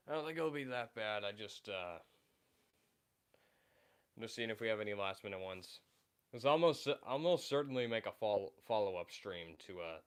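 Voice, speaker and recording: A man's voice: low-pitched, fairly bright tone, smooth. A young man hosting a livestream, chatting casually with many fillers and restarts as he brainstorms a story with his viewers. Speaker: livestream host.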